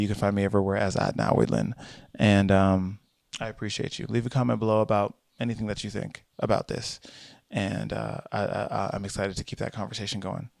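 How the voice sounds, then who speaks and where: A man records a casual vlog monologue, rambling and animated as he corrects himself mid-sentence. His voice has a gravelly edge. The sound is dry and close. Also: on the low side, no echo. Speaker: vlogger and comedian. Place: in transit, Boston.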